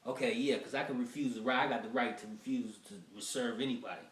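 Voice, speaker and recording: Comedian doing stern, lecturing buffet boss; roomy echo, mic far away. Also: male voice, medium pitch, fairly even intonation, fast talker, fairly bright tone, close to an everyday voice. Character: strict male buffet manager scolding customers.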